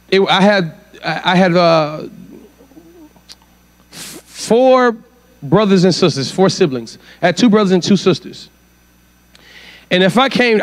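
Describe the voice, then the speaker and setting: A man preaching as guest speaker at a church conference, firing rhetorical questions at the congregation. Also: high voice. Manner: asks the crowd rhetorical questions. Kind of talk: sermon.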